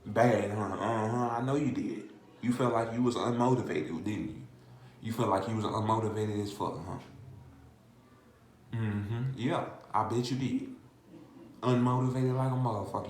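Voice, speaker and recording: A man's voice: fairly low pitch, fairly even intonation, moderate pace, darkish tone, echoey room, slight background noise. A man vlogger in a profane comedic rant who fires off repeated rhetorical questions and curses constantly. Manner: repetitive, rhetorical questions, heavy cursing.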